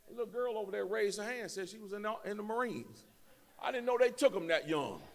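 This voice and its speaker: A man speaking as a guest in a church, preaching emphatically and rising to shouts in a folksy way. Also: high voice, lively intonation, fast talker. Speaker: guest speaker, elected official. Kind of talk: fiery preaching. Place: church sanctuary. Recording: long church reverb.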